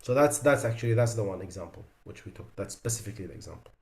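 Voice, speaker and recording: A man's voice: lowish voice, animated, a little mellow. A man teaching a class on Quran recitation. He explains pronunciation mistakes, drawing out and repeating the sounds he models, with loose, conversational asides. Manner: explanatory, demonstrates pronunciations slowly and repeats them. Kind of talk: online class lecture.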